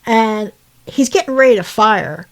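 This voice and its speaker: A woman's voice: a little high, measured pace. A woman casually recapping a movie plot, rambling with fillers, self-corrections and laughing asides. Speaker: podcast co-host.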